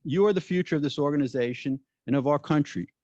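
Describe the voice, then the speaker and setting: A man, a judge, giving a formal ceremony speech in a measured, earnest manner. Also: a little high, mellow, no echo. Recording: dull, dry lo-fi recording.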